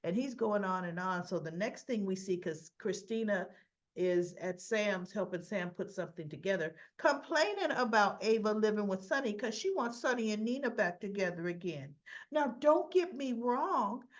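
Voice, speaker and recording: A woman giving a casual, chatty recap of a soap episode, addressing her viewers directly in an animated, gossipy way. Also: medium pitch, moderate pace, lo-fi sound. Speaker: soap opera recap vlogger.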